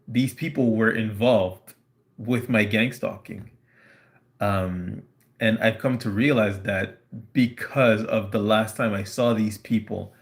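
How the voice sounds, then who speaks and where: A man on a casual live stream, telling a personal story in a halting way, full of fillers and restarts. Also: on the low side.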